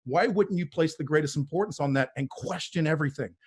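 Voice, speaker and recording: A man's voice: fairly high pitch, quick pace, breathy edge. A personal trainer in his forties speaking as a podcast guest, emphatic and preachy, often repeating words as he builds a point. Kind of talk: conversational interview.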